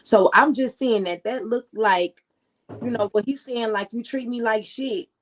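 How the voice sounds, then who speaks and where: A woman guest in a casual talk show chat, telling stories in an animated, slangy way. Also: on the high side, unhurried. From Chicago area. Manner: chatty, animated storytelling with slang.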